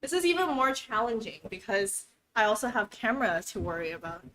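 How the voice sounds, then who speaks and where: A woman's voice: fairly high pitch, big pitch swings, brisk, a bit bright. Chatty, giggly young woman in an echoey kitchen. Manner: chatty and flustered, giggles and talks to herself. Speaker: YouTuber cooking for viewers. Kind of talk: casual cooking vlog. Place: home kitchen. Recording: roomy kitchen echo, faint noise.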